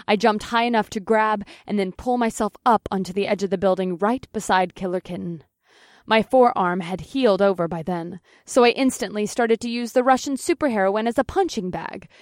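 A woman narrating a first-person audiobook in a steady, matter-of-fact voice, with casual swearing. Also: medium pitch, no echo, studio quality.

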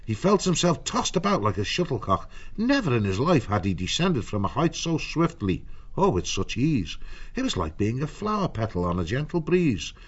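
A man reading an audiobook in a measured storytelling manner. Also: medium pitch, very animated, slightly rough, lo-fi sound. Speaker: narrator. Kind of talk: audiobook narration.

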